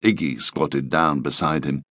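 A man's voice: rumbling low, fairly even intonation, measured pace, fairly bright tone, no echo, clean studio sound. A man narrating a children's audiobook in a playful, lightly comic storytelling manner.

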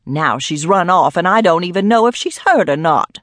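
A woman narrator voicing a stern, feisty elderly woman with sharp, commanding outbursts. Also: fairly low pitch, expressive, normal speed, no echo, studio quality. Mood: anxious.

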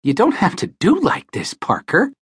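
A man voicing a wiry, chipper aging male small-time crook in an audiobook, rusty and quick to take offense. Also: huge pitch swings, fairly bright tone, slightly rough, no room sound, studio quality, full character voice. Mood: wheedling. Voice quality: rusty, nasal, high. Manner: wheedling and easily offended. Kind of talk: audiobook character voice.

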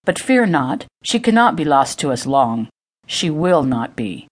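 A woman's voice: deep voice, big pitch swings, unhurried, full character voice. A woman voicing a stern, firm young nobleman.

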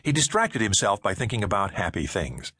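A man narrating an audiobook in a measured, expressive storytelling manner. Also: on the low side, breathy edge, no echo, studio quality. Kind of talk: scripted narration.

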